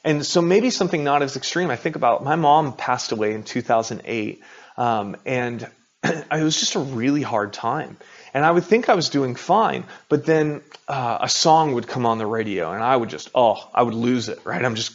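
A man's voice: medium pitch, moderate pace, dull audio. Conversational male pastor preaching. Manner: conversational, confessional preaching with rhetorical asides. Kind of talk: sermon.

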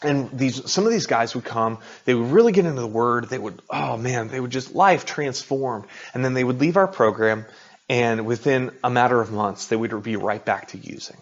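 A man's voice: mid-range voice, moderate pace, dull audio. Conversational male pastor preaching. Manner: conversational, confessional preaching with rhetorical asides. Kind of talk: sermon.

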